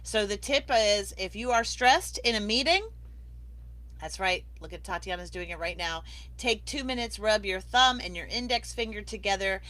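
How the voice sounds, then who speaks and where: A woman's voice: mid-range voice, normal speed, bright, forceful tone, dry recording. A woman hosting a live online awards broadcast, chatty and enthusiastic, laughing often as she talks over a video call. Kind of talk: casual live-stream hosting.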